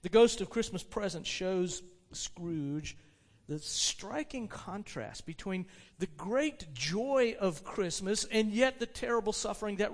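A male pastor preaching a sermon, reading a classic story aloud expressively with varied emphasis, in a church sanctuary. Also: high voice. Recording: long reverb of a church hall.

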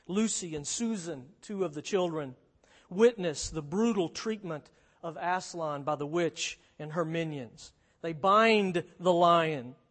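High-voiced preacher telling a story. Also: male voice. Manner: storytelling, shifting from lively to hushed. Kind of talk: sermon with storybook reading.

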